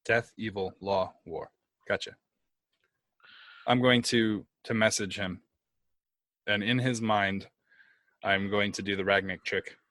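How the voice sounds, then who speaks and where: Slow, bright-voiced man playing a tabletop game. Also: on the low side, fairly even intonation, no echo. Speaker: player. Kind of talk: casual chat during a tabletop game.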